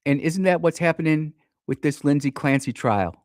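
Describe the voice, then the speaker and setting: A man's voice: on the high side, lively intonation, normal speed, darkish tone, dry recording. Fired-up male radio host, dry studio sound. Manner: fired-up, preachy, addresses listeners directly. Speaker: radio talk show host. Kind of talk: opinionated radio talk.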